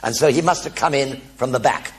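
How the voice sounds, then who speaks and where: A man's voice: medium pitch, brisk, husky. An older man telling comic anecdotes in a one-man stage show, acting out the voices in his stories. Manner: animated anecdotes with acted-out voices. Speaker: raconteur. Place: theatre stage with audience.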